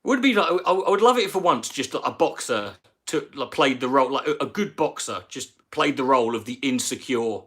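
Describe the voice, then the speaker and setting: A man's voice: mid-range voice, expressive, fairly quick, hardly any pauses, a bit bright, slightly rough. A man, a comedian, ranting casually on a live stream with rambling, profane talk and many restarts.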